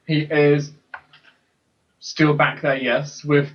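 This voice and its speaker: A man running a tabletop game as game master, narrating scenes in a casual, halting way. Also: a little high, flat delivery. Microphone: computer mic on a voice call. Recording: distant, dull voice-chat audio.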